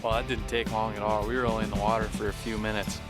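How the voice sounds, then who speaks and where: A man hosting a fishing show from his boat outdoors, narrating with excitable, folksy exclamations. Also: fairly low pitch, quick pace. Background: background music.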